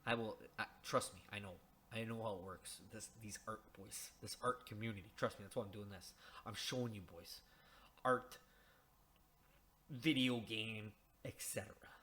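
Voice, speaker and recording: A man's voice: fairly low pitch, fairly even intonation, normal speed, sharp tone. A man casually discussing a video game in a sarcastic, mocking way, rambling with many restarts and the odd swear word.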